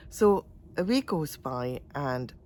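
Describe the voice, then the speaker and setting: A woman telling a gentle, chatty little story in a casual way. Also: low voice, lively intonation, slow, a little hiss or hum.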